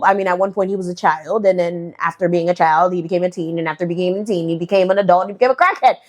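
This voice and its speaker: A woman's voice: on the low side, rapid-fire, hardly any pauses, faint music behind. A young woman telling a casual storytime, candid and profane, full of "like" and "right". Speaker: storytelling vlogger.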